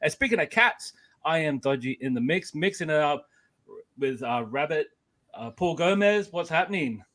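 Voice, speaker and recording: An upbeat man hosts a casual podcast about comics. His voice sits a little higher than most men's, and he keeps the chat energetic. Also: normal speed. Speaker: podcast host.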